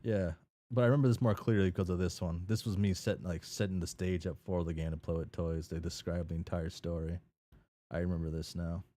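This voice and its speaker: A man's voice: sits low, fairly even intonation, brisk, dark tone. A man streaming a game, talking casually and rambling as he recaps what he played. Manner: rambling, many fillers and restarts.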